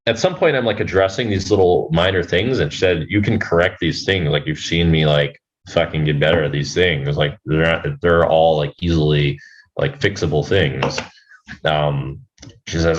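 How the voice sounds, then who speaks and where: A man telling a personal story as a podcast guest, halting and rambling, swearing freely. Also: a bass voice, fairly even intonation, lo-fi sound. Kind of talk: casual storytelling.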